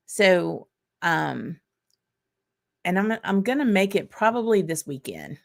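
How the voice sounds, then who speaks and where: A woman's voice: medium pitch, very animated, a little slow, creaky. A woman with a Southern accent, from Arkansas, hosting a casual livestream and chatting in a rambling way, reading viewer comments aloud. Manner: chatty and rambling, with frequent fillers and laughter. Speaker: livestream host.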